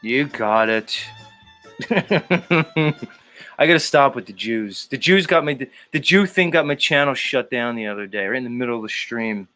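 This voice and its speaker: A man's voice: medium pitch, animated, moderate pace, sharp tone. Laughing, profane man hosting a livestream. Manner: laughing, profane, teasing chat. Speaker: livestream host. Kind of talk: casual livestream chat. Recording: guitar music playing behind. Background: guitar music.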